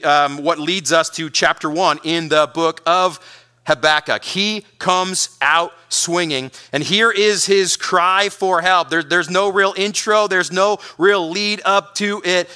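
A man delivering a sermon with urgent, emphatic energy. His voice sits high and rings bright. He often stumbles over and repeats words as he drives his points home. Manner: energetic, emphatic preaching with repetitions. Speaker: pastor.

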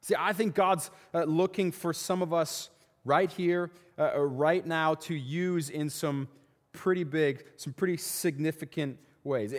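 A man giving a sermon as pastor, asking rhetorical questions and often repeating his words. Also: fairly high pitch. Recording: long reverb of a large hall.

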